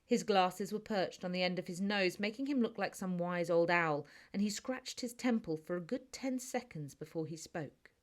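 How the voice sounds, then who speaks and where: A British woman narrates a first-person audiobook with a wry, snarky, chatty delivery. Her voice sits a little low and stays conversational, as if she were confiding in the listener. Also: normal speed, few pauses.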